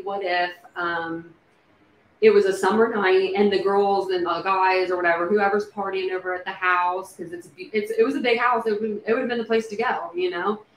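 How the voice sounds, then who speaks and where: A woman hosting a casual livestream, thinking out loud with many fillers and restarts. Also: medium pitch. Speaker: true crime livestream host. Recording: echoey room with faint background noise.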